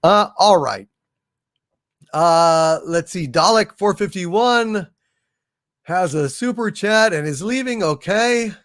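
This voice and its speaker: A man's voice: sits high, expressive, slow pace, pauses often, no echo, clean studio sound. A man hosting a casual livestream, chatting and thanking viewers for their messages. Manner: chatty and appreciative, thanks viewers warmly and often. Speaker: livestream host.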